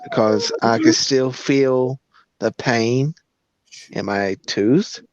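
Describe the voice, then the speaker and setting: A man's voice: mid-range voice, big pitch swings, dry recording. A man on a casual video call, talking hesitantly and holding back laughter. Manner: slow, hesitant, stifling laughs. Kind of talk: casual chat. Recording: dry dull lo-fi call audio.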